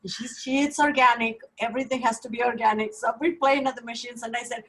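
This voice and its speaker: A woman team leader telling an animated story on a video call, acting out the lines of others. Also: a little high, quick pace, hardly any pauses, low-quality recording.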